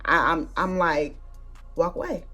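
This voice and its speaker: A woman's voice: lowish voice, unhurried, faint music behind. A young woman hosting her own vlog and telling a story in casual, slangy chat. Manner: animated, slangy, conversational storytelling. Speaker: booktuber vlog host.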